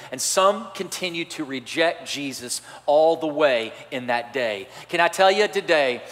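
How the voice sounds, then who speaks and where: A man preaching a sermon as pastor, animated and swinging between loud and soft delivery. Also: fairly high pitch. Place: church sanctuary. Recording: church hall reverb.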